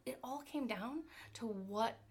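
A woman giving an energetic motivational talk on leadership, firing off rhetorical questions. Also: a little high, measured pace, breathy edge. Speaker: motivational speaker. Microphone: virtual event talk.

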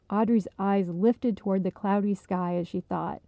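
Slow, gravelly woman reading a story. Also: mid-range voice, dry recording, phone-quality sound. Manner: calm, measured reading. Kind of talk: scripted story narration.

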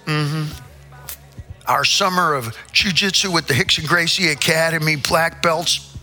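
A man's voice: fairly high pitch, unhurried, pushed and bright, faint music behind. A man in his sixties, a rock singer, telling stories in a casual interview with theatrical flair, playful wordplay and the odd swear word.

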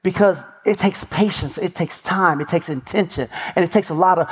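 A man's voice: high voice, moderate pace, slightly rough. A man giving a sermon as a guest speaker, telling stories with animation and acting out the voices of people he quotes, in an emphatic preaching cadence. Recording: long church hall reverb.

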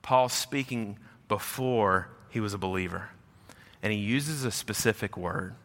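A man preaching a sermon to a congregation, telling stories in an animated way and swinging between loud and soft. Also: on the low side, measured pace. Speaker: pastor. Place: church hall with congregation. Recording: echoey hall.

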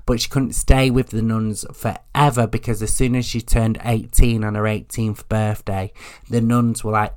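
A man's voice: on the low side, flat delivery, normal speed, darkish tone, clear, resonant tone. A man hosting a podcast, talking in a chatty, jokey way and swearing freely. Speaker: podcast host. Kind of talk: casual solo podcast chat.

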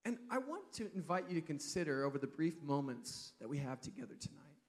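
Male preacher, slightly high pitch, conversational storyteller for a holiday sermon. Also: big pitch swings, brisk. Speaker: pastor. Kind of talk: Christmas Eve sermon.

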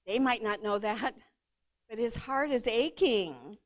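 A woman teaching a Bible passage in a lively, conversational way, sometimes acting out the voices of the people in the story. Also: a little high, slow pace. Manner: animated retelling, acts out the disciples' voices. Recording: dull lo-fi sound.

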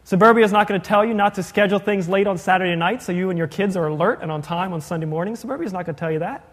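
A man preaching a sermon to a congregation, chatty, with rhetorical questions and joking asides. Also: high voice. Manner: conversational, asks the congregation questions, quick jokey asides. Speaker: pastor. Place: church sanctuary. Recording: long hall reverb.

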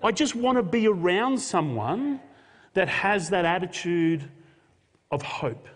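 A man preaching a sermon, swinging from loud emphatic lines to soft, quiet ones. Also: high-pitched, sing-song, slow pace. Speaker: pastor. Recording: long hall reverb.

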